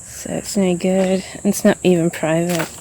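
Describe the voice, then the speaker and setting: Aussie woman ranting on a walk outside, mellow dark voice, rambly. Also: fairly low pitch, little pitch movement, a little slow, a little hiss or hum. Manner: rambling, frustrated, many fillers. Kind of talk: venting vlog monologue. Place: outdoors, walking around.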